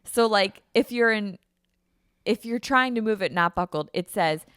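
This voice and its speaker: A woman's voice: mid-range voice, expressive, measured pace, fairly bright tone, clear, resonant tone, no echo, clean studio sound. A young woman hosting a casual podcast with her mother, telling a story with wry asides. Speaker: podcast host, daughter. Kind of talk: casual chat.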